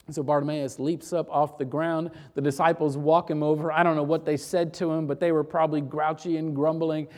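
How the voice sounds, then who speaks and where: A pastor preaching a sermon who swings between loud emphatic bursts and quiet, hushed passages. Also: mid-range voice, normal speed, hardly any pauses.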